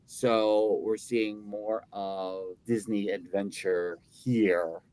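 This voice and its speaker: A man's voice: fairly low pitch, steady tone, very slow, a little mellow. A man co-hosting a casual podcast chat, rambling and jokey, often restarting his sentences. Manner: rambling, self-interrupting, jokey. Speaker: podcast co-host.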